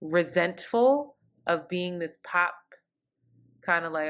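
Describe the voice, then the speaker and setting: A woman's voice: lowish voice, a little slow, a bit bright. A woman co-hosting a casual pop culture podcast, giving blunt, opinionated takes. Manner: opinionated, blunt, laughs often. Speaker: podcast co-host.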